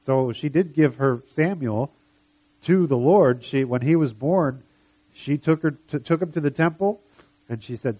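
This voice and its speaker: A man's voice: on the high side, lo-fi sound. A man teaching a Bible story in a casual, conversational way, quoting the people in it as he goes. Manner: conversational, retells scenes with quick quoted voices. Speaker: preacher.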